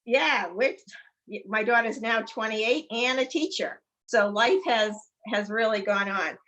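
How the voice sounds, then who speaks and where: A woman's voice: fairly high pitch, a little slow, a bit bright. A woman in her fifties with a Boston accent, chatting as a guest on a video call, friendly and full of ums. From Massachusetts. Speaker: guest author. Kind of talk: casual video call chat. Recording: dull video call audio.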